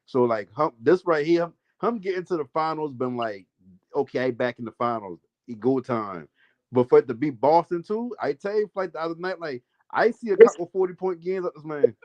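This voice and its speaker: A man in a casual sports chat, animated and slangy. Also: fairly high pitch, fairly quick, no echo. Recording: dry, dull lo-fi audio.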